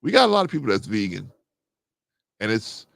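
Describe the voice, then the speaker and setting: A middle-aged man, hosting a casual livestream, reading chat and getting animated as he agrees. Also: a little fast, creaky, dry recording, studio quality. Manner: animated, rising to excited high pitch when agreeing. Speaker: host.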